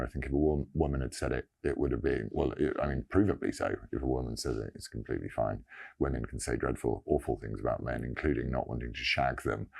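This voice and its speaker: A man giving an earnest personal statement, halting and pausing often. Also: extremely low pitch, gravelly, a little mellow. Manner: halting, earnest, many pauses and restarts.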